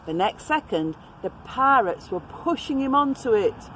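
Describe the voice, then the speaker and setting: A woman reads a picture book aloud to children in a slow, gentle way, pausing to ask them questions. Her voice rises and falls very expressively. Faint traffic noise carries from outside. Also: a little high, sing-song. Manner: gentle, addresses children directly. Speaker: storyteller reading to children. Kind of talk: expressive storytime reading.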